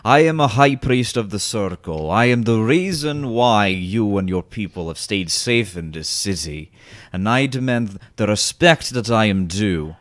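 Man doing a pompous cleric, haughty, lowish voice, dry. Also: lively intonation, unhurried, no echo. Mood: indignant. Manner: haughty, indignant. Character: pompous self-important male high priest cleric.

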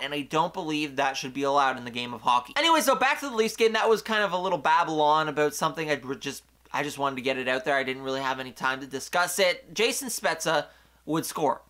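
A young man recapping a hockey game on his own channel, talking in an animated way that swings from excited outbursts to quiet asides. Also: sits high. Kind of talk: solo game recap commentary.

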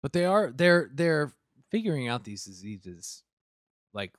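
A man's voice: on the high side, very animated, measured pace, no echo, clean studio sound. Jumpy swearing man on a podcast. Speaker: podcast co-host. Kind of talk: casual drunk podcast chat.

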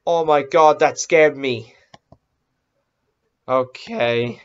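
Hosting a casual reaction video, a man is easily startled, exclaims often, and talks himself into being brave. His mid-range voice is smooth and extremely slow, on a dull lo-fi recording.

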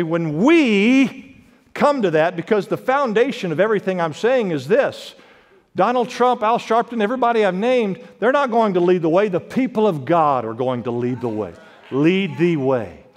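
Male pastor, high voice, dynamic sermon delivery, long church-hall reverb. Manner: preaching with sharp swings in pitch and volume, quotes scripture. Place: church sanctuary.

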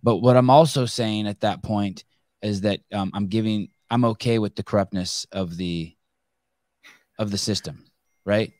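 A man's voice: lowish voice, unhurried, a little mellow, no echo, studio quality. A man hosting a podcast in casual interview chat, who restarts his sentences often and swears freely. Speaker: podcast host.

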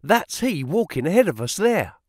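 Male reader voicing an excitable young clerk, pitched up, eager exclaimer. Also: moderate pace, dry recording, studio quality. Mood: excited.

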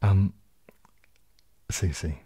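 A man with a low, husky, mellow voice chats softly on a relaxed ASMR livestream. He rambles gently through viewers' questions and sometimes slips into a whisper. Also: very slow. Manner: relaxed, rambling, drops into whispers, reads chat aloud. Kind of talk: casual soft-spoken livestream chat.

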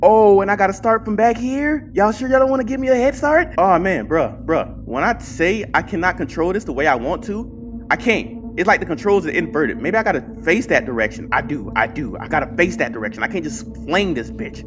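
A man playing a horror game with commentary, swearing a lot and yelping and shouting when startled, chatting to his game companion. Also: sits high, animated, brisk, music in the background. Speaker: gaming channel host.

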